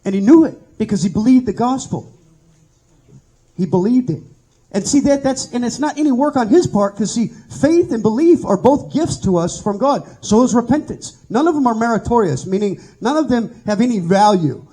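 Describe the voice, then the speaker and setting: A man's voice: extremely high pitch, expressive, normal speed, dark tone, slightly rough, rough recording. A man preaching an informal sermon, telling stories earnestly and often repeating words as he restarts. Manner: stammering repetitions, earnest storytelling. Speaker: pastor.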